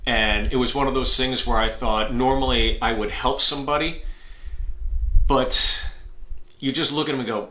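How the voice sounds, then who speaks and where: A man, a comedian hosting his own podcast, telling a story in an animated way, acting out voices and laughing at himself. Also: medium pitch, normal speed. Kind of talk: storytelling monologue. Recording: echoey room.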